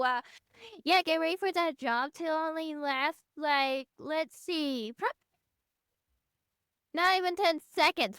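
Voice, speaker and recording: A young woman with a strikingly high voice chats on a podcast. She is blunt and rambling and swears freely. The sound is dry and close, with no room around it. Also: fairly bright tone, no room sound. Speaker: podcast co-host. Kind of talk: casual chat.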